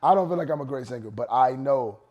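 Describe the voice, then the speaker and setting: A man with a raspy voice, a worship leader and pastor, talking in a casual podcast chat with emphatic, slangy asides. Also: mid-range voice, fast talker, darkish tone.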